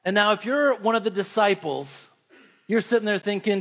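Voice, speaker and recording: Man, preacher, sermon, conversational storytelling, higher voice. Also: fairly bright tone. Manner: conversational storytelling, reads scripture slowly.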